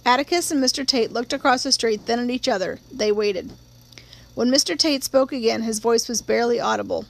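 A woman narrating a novel in a measured, steady storytelling voice. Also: fairly high pitch, creaky. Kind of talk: audiobook reading of a novel.

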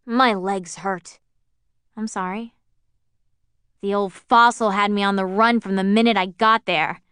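A woman's voice: medium pitch, steady tone, measured pace, clean tone, no echo, clean studio sound, lightly acted. A woman reading the lines of a strict, weary middle-aged mother who works as a nurse, scolding her daughter. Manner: scolding, sharp and raised.

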